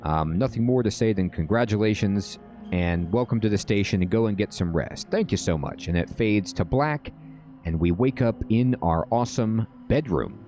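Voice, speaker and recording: A man giving casual gameplay tutorial commentary as a game guide host, relaxed and checking in often with "all right?". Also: fairly low pitch, moderate pace.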